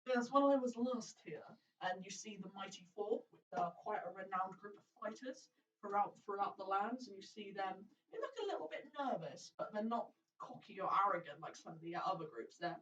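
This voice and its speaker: A woman's voice: mid-range voice, lively intonation, normal speed. A woman narrating as dungeon master in a tabletop game, chatty and laughing often. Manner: chatty, laughing, swears in quoted lines. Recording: roomy, distant, dull lo-fi mic.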